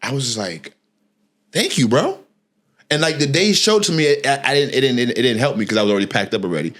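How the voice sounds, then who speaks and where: A middle-aged man in the host's seat, spinning a story from his week with loose slang and plenty of restarts. His voice sits at an ordinary, mid-range pitch and his telling stays lively and conversational. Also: rapid-fire. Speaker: podcast host. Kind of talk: casual storytelling chat.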